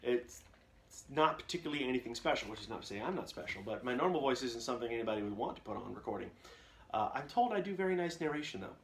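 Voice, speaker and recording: A man's voice: mid-range voice, animated, quick pace, slight background noise. A man hosting a live Q&A, giving casual advice in a plain, everyday voice that he calls nerdy. He rambles candidly and often restarts his sentences.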